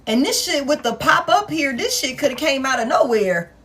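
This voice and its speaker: With a high, somewhat bright voice that swings widely in pitch, a woman talks at a normal speed. She's a tarot reader chatting casually to viewers, laughing, swearing, and playfully voicing the people who appear in her reading.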